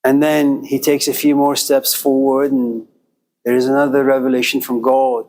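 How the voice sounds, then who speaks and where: A man giving a lecture and telling a story with lively, acted-out voices. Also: medium pitch, moderate pace, low-quality recording. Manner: animated storyteller, acting out voices.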